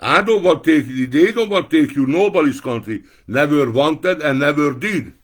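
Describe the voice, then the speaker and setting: A man giving an angry, profane political rant to camera, breaking into shouted outbursts. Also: a little high, expressive, normal speed.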